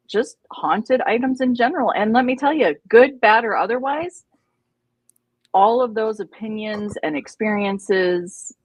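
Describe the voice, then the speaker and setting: Husky-voiced bubbly woman co-host. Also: mid-range voice, no echo, lo-fi sound. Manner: bubbly, greets viewers by name. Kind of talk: casual live-stream chat.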